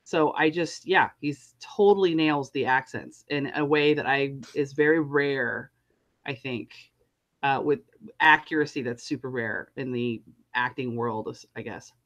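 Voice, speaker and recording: A woman's voice: extremely low pitch, a little slow. A woman co-hosting a podcast in casual chat, talking in an emphatic, enthusiastic way. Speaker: podcast co-host.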